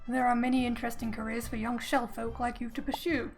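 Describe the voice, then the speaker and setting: A woman's voice: fairly high pitch, flat delivery, fast, creaky, music in the background. A woman voicing a pompous male snail headmaster giving a formal graduation speech in a video game.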